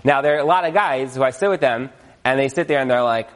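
A man teaching about marriage in a casual, animated way, acting out little scenes and chuckling as he goes. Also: mid-range voice, quick pace. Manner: animated, acts out quotes, chuckles often. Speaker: marriage educator.

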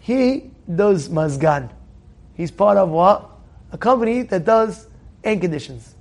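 A man teaching an informal Torah class in a synagogue study hall, animated and repetitive, firing rhetorical questions at his listeners. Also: sits high, a little slow. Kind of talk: informal Torah lesson to a congregation.

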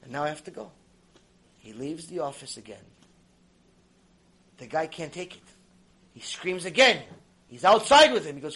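A man with a high voice gives an animated sermon, acting out the characters in a story. He swings between loud, emphatic lines and hushed, almost whispered ones, and peppers his English with Hebrew terms. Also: normal speed, pauses often, breathy edge, low-quality recording. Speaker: rabbi teaching a Torah class.

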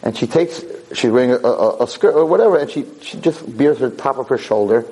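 A man giving a Torah lecture as a rabbi, telling a dramatic story with animated repetition. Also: medium pitch, fairly quick, rough recording. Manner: animated, repeats words for emphasis.

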